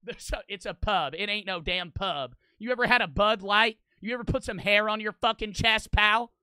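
A brash, swaggering Southern tough guy who mocks and taunts loudly and swears freely, as a man puts him on. The voice is high and bright, with a clean, dry sound close to the mic. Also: normal speed, clear, resonant tone, no room sound. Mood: mocking. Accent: put-on Southern US. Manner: loud, taunting, profane.

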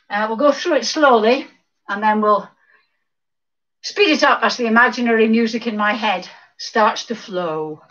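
A woman's voice: fairly high pitch, a bit bright. A woman in her sixties leading a home exercise class, counting reps aloud and chatting between moves. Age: 60s. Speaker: fitness instructor. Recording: slightly dull lo-fi home video.

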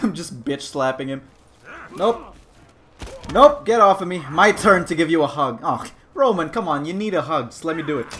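A young man narrates his gameplay with a high, lively voice that leaps around in pitch. He is excitable, trash-talks his opponents and breaks into frequent shouts, with a bright edge to his tone. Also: normal speed, slight background noise. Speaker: gaming video host. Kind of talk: gameplay commentary.

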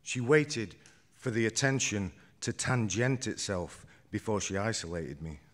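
Slow, understated male storyteller. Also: fairly low pitch, lively intonation, a bit bright. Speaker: author reading his story. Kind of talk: live reading of first-person fiction. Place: theater stage at a live event.

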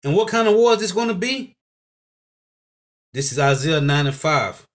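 A man with a high voice preaches to his listeners. He is emphatic and keeps tossing in "man" and "right?" as he drives each point home. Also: animated, normal speed, long pauses, fairly bright tone. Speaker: bible teacher. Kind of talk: preaching commentary.

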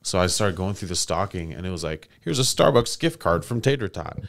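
A man's voice: sits low, sing-song, fairly quick, vocal fry. A man, a comedian guest, in laid-back podcast banter, often laughing and saying "man".

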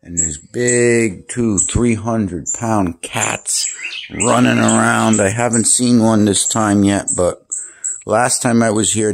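A man's voice: mid-range voice, vocal fry, darkish tone, slight background noise. A man filming his cat at home with a handheld camera. He coos to her in baby talk, then rambles through a story. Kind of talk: casual home video. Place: home with a screened-in porch.

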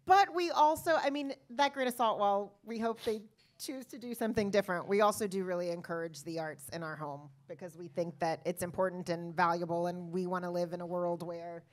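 A woman co-hosting a live podcast, speaking in an earnest, measured way. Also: lowish voice, steady tone. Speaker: podcast co-host.

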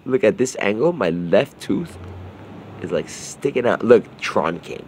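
A man's voice: on the low side, animated, unhurried, darkish tone, slight background noise. A young man, just woken up, rambling crudely and jokily in a casual vlog monologue, swearing often.

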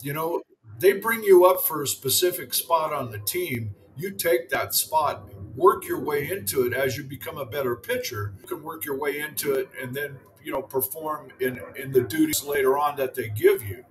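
A former baseball pitcher in his seventies appears as a guest in an interview, telling rambling anecdotes peppered with "you know." His pitch is fairly high, his speed normal, and there's a little hiss or hum.

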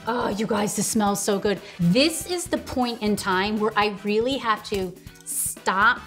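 A woman's voice: mid-range voice, measured pace, fairly bright tone, faint music behind. A woman hosting a casual cooking tutorial in her home kitchen, chatting straight to viewers and laughing often. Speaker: host.

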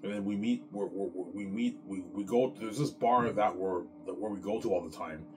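A man chatting casually on his vlog, rambling excitedly and stumbling over repeated words. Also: sits low, moderate pace, background noise. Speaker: vlogger. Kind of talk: casual chat. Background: music.

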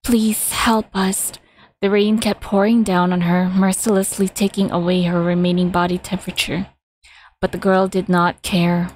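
A woman reading a game's story aloud at a measured pace, now and then stumbling or adding casual asides. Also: lowish voice, little pitch movement, darkish tone, a little hiss or hum, low-quality recording. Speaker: reader of game story.

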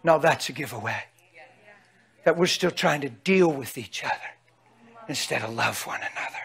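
A man's voice: mid-range voice, lively intonation, normal speed, vocal fry, a bit bright, breathy edge. A man preaching a sermon in an emphatic, folksy way, repeatedly calling out to his audience.

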